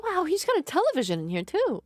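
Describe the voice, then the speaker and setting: A woman's voice: very high voice, huge pitch swings, fast talker, no room sound, soft background music, pitched above the performer's own voice, full character voice. A woman voicing a cheerful, bubbly young female assistant, in a perky, raised voice.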